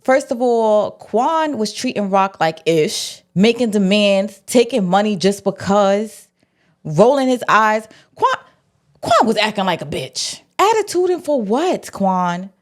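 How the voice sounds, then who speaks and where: A woman talking through a TV episode in loose street slang, her voice sitting at a middle pitch. She is animated and keeps jumping into the characters' lines to act them out. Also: unhurried. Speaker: TV recap host. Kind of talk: casual TV episode breakdown.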